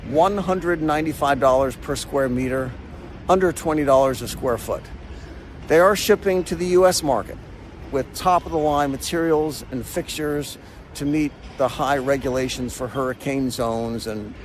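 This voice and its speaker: A man hosting a business documentary, narrating in a measured, explanatory way. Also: mid-range voice, slight background noise. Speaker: business reporter and host. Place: factory in southern China.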